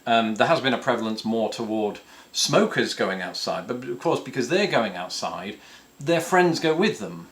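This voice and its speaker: Answering viewers' questions in a relaxed home video, a cat nearby, a man from the north of England meanders through his replies with self-deprecating humor, frequent fillers and false starts. He sounds animated and a bit bright, with a mid-range voice at normal speed.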